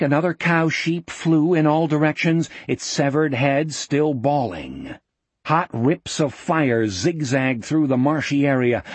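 A man narrating an audiobook in a measured, vivid storytelling manner. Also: a little high, slightly rough, no room sound.

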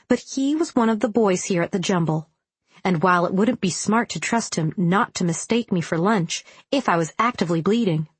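A woman's voice: mid-range voice, slightly rough, no echo. A young adult woman reading a first-person audiobook with a wry, self-deprecating tone.

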